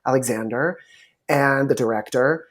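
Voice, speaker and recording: Guy chatting on a podcast, mid-pitched, tells stories and does little voices for people. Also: moderate pace. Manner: storytelling, animated quoting of others. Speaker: talent manager. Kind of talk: casual podcast interview.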